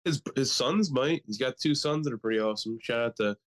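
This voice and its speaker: Profane, animated young man. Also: medium pitch, brisk. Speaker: podcast co-host. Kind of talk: casual chat.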